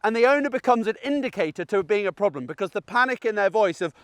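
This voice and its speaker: Dog trainer guy, fairly high voice, dry close sound, chatty and explaining stuff. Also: lively intonation, fast talker, dry recording. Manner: chatty and explanatory, checks in with "okay?". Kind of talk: outdoor training tutorial. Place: outdoors in a field on a dog walk.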